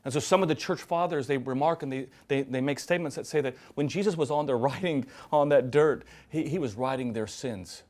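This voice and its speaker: Speaking briskly at medium pitch with few pauses, a priest delivers a sermon before a live crowd. His storytelling includes performed quotes, and he moves from loud, emphatic moments to soft, hushed ones.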